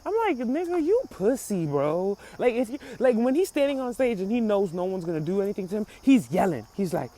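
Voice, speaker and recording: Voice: medium pitch, a little fast, few pauses. A podcast host retelling events in a casual, slangy way, laughing often and acting out quotes. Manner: laughing, slangy, animated storytelling. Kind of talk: casual commentary on a clip.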